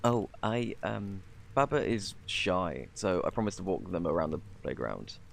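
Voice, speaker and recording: A man with a British accent voicing a gentle, formal alien single parent in a whispered role-play, polite and a bit hesitant. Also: deep voice, lively intonation, a little slow, gravelly, full character voice. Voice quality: soft-spoken, formal and polite.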